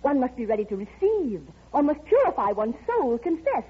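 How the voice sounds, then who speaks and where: A gushing, flighty society lady who talks in effusive, breathless rushes. Her voice sits high and swoops all over the place. The sound is dull, like an old radio broadcast. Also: big pitch swings, breathy edge, exaggerated voice. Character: gushing flighty rich society woman, middle-aged. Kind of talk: 1930s radio acting.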